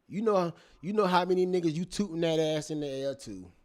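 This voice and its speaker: A man giving casual, profane commentary, animated and laughing, repeating phrases as he reacts. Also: on the high side, brisk. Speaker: commentator reacting to court testimony.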